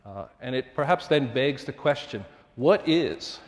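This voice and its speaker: Male lecturer, middle-aged, mid-pitched, formal and measured, frequent fillers; long hall reverb. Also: expressive. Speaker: architecture dean giving a public lecture. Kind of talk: public lecture.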